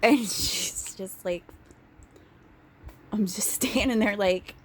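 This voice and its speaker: A young woman telling a casual vlog story, animated and profane, with laughing asides. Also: medium pitch, slow pace. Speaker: vlogger.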